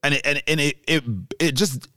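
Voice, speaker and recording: A man's voice: fairly high pitch, fairly even intonation, normal speed, bright, forceful tone, smooth, no echo, clean studio sound. A young man, telling a story on a casual podcast and acting out other people's voices. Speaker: podcast co-host.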